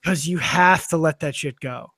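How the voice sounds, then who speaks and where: A man with a high voice chimes in with wry, swearing remarks in casual podcast banter. He is recorded dry and close on the mic. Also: moderate pace, pushed and bright, dry recording. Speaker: podcast co-host. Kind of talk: casual chat.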